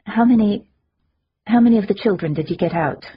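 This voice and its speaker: A woman's voice: fairly low pitch, expressive, measured pace, slightly rough, heavily acted. A woman reading the part of a distraught, grieving fae noblewoman in an audiobook, speaking in a strained, pleading way. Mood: alarmed. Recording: slightly muffled audio.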